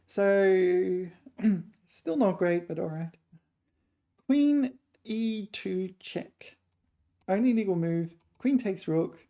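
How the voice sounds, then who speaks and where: A woman chess player thinking aloud while solving puzzles, muttering her move calculations in short fragments, a little hoarse. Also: mid-range voice, dark tone.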